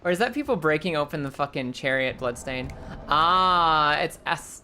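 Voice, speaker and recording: A woman streaming a game live, chatting casually with viewers, swearing freely and breaking into high squeals when the game startles her. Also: big pitch swings, fairly quick, fairly bright tone, a little hiss or hum.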